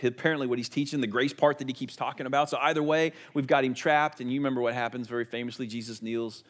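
A male pastor preaching a sermon in a conversational way, asking rhetorical questions and moving between emphatic and hushed delivery. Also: mid-range voice, fairly even intonation, fast talker.

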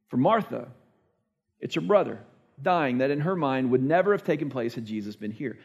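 A pastor with a voice on the high side, slightly rough, delivers a fast, expressive, conversational sermon. He's earnest and plain-spoken, often restarting his thoughts and repeating words as he does, and he acts out what people say with different voices.

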